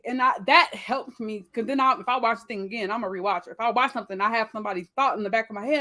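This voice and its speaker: A woman with features chatting casually on a panel, acting out what people say in lively voices. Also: on the high side, rapid-fire, few pauses. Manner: animated, quotes people in voices.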